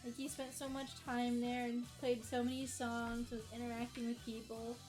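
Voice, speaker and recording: Young American woman streamer, self-mocking storyteller, slightly high voice, faint music behind. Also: monotone, normal speed. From United States. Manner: rambling, self-mocking, with playful acted-out quotes. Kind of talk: casual chat telling a travel story.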